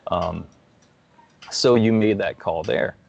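Man, very low voice, gravelly, earnest, casual podcast guest, slightly muffled recording. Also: takes it slowly, a little mellow. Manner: earnest, heartfelt praise with many "um"s. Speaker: guest, licensed counselor.

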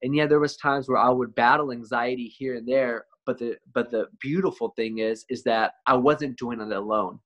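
Male interview guest, mid-pitched, relaxed testimony delivery, lots of fillers and self-corrections. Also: moderate pace, few pauses, lo-fi sound. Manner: conversational, frequent "man" and "like", repeats and restarts words. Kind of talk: casual personal testimony.

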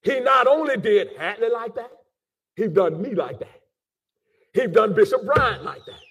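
A preacher with a high, husky voice that swoops widely as he speaks. He talks with fervor, repeating words and breaking into shouts. He stands some way off from the microphone. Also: expressive, unhurried, far from the mic. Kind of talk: impassioned preaching address.

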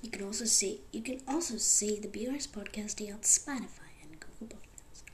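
A woman's voice: medium pitch, fairly quick, noisy background. A woman hosting a podcast, talking in a loose, rambling way with many fillers. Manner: rambling, full of fillers like "like" and "actually". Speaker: podcast host. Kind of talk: rambling casual talk.

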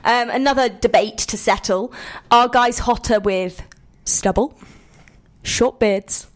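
A woman, co-hosting a podcast in casual, measured chat full of "um"s and "like"s. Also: a little high. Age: 20s. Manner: chatty, measured, many "um"s and "like"s. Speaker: podcast co-host.

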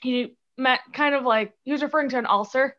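A woman's voice: sits high, a little fast, a bit bright, muffled recording. A woman from the Chicago area, chatting casually as a podcast guest, with lots of fillers and giggles. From Chicago area, USA. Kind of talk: casual interview chat.

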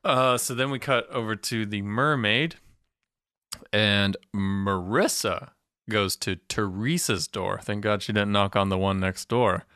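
A man's voice: fairly low pitch, a little slow, bright, forceful tone, no room sound, studio quality. A man co-hosting a casual recap chat, laughing often and acting out scenes. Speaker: podcast co-host.

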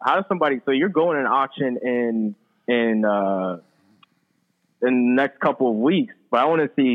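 A man's voice: mid-range voice, expressive, moderate pace, narrow, tinny audio. A man talking casually on a podcast, hesitant and filling gaps with likes and ums. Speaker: guest.

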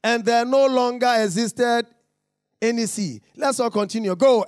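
Male pastor, high voice, slow and deliberate, call-and-response teaching style. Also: a little mellow, dry recording, clean studio sound. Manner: call-and-response, asking the listeners to repeat and confirm; reads scripture aloud in a slow, emphatic cadence. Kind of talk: interactive Bible teaching.

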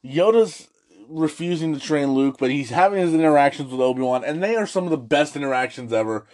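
Fairly high-voiced guy raving about an old movie, swears a lot, trips over his words. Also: a little fast. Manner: excitable, gushing, swears freely, lots of restarts. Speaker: movie review host. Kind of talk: casual movie review.

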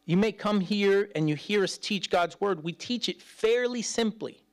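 A middle-aged man preaching as a pastor in a chatty way, acting out quoted voices and swinging between loud and hushed. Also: sits high, unhurried. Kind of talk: sermon.

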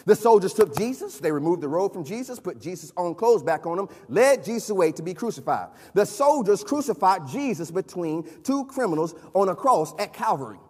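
A man preaching a sermon, with a high-pitched voice that rings out across a church sanctuary. He is emphatic and hammers his points home by repeating phrases. A long reverb trails every word. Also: very animated, fairly quick, few pauses, darkish tone, slightly rough. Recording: long reverb of a large hall.

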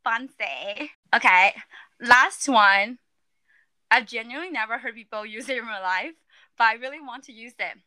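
A woman's voice: on the high side, normal speed, bright, forceful tone, no echo. A woman hosting a casual chat, animatedly explaining slang. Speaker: podcast host.

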